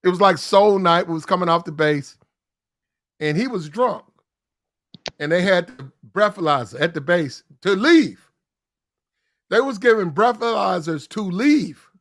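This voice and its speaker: A man's voice: high voice, expressive, unhurried, pauses often, a bit bright. Slangy, rambling man telling a story. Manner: rambling, slangy, restarts often. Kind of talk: casual storytelling.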